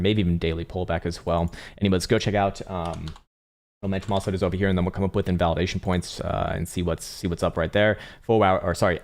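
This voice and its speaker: Low-voiced fast-talking man analyzing charts. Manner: rambling, many fillers and restarts, casual swearing. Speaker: crypto chart analyst and livestream host. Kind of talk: casual live chart commentary.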